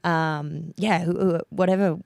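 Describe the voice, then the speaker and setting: A woman's voice: lowish voice, fairly even intonation, unhurried, vocal fry, a little mellow, no echo, clean studio sound. A woman from Australia with an Australian accent, chatting casually as a guest songwriter and laughing often as she tells stories. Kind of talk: casual chat.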